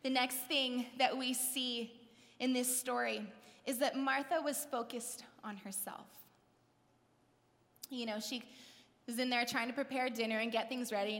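Woman preacher, high voice, lively and chatty, acts out scenes, with a long hall echo. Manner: conversational, asks the audience questions. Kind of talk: sermon.

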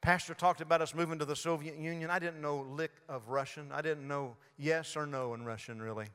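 Folksy older preacher in a hall. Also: male voice, a little high, fairly even intonation, fairly quick, a bit bright, clear, resonant tone. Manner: folksy storytelling with humor. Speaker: guest preacher. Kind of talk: sermon. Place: church sanctuary. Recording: long hall reverb.

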